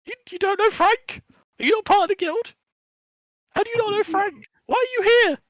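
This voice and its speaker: A man's voice: very high voice, fairly quick, fairly bright tone, no echo, voice pushed up. A man voicing a small, terrified male kobold thief who stammers and apologizes nonstop. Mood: stammering.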